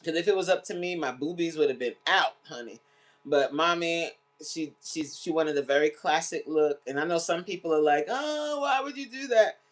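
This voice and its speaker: A middle-aged woman hosting a casual livestream chat, chatty and animated, often laughing and teary-eyed. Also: low-pitched, normal speed. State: tearing up. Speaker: livestream host.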